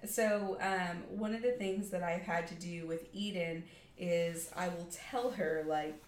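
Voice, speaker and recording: A woman's voice: lowish voice, fairly even intonation, measured pace. A woman co-hosting a podcast, chatting casually and rambling with fillers about her parenting. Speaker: podcast co-host. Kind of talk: casual chat. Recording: echoey room, mic at a distance, faint background noise.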